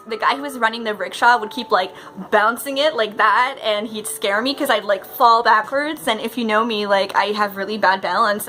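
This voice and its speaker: Bubbly bright-voiced woman. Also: mid-range voice. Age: 30s. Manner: chatty and bubbly, with frequent "like" and "um". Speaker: professional mermaid vlogger. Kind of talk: casual vlog chat.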